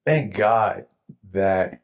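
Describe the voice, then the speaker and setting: Earnest young man, low voice. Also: drawn-out words, gravelly. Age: young adult. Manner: earnest, animated storytelling with casual slang. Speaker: guest telling his testimony. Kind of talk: emotional personal testimony.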